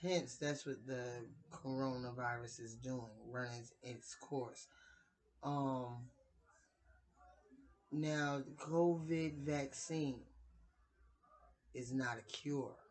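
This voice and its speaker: A woman in her late thirties sharing her opinions in a casual vlog, speaking in a deliberate, conversational way with playful dramatic asides. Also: extremely low pitch, fairly even intonation, darkish tone, rough recording. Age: 30s. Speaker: vlogger.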